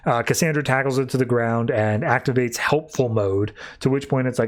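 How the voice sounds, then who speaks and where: A man hosting a podcast, casually recapping a comic book with animated storytelling. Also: mid-range voice, normal speed. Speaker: podcast host.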